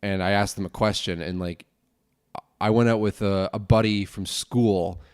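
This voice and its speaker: A young man hosting a casual solo podcast, rambling and self-deprecating, grumbling with sudden high exclamations. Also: steady tone, normal speed, darkish tone, smooth. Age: young adult. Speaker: podcast host.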